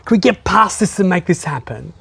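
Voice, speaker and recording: A man hosting an improvised comedy sketch, talking fast and pleading to smooth things over. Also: high-pitched, animated, fairly bright tone. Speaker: show host.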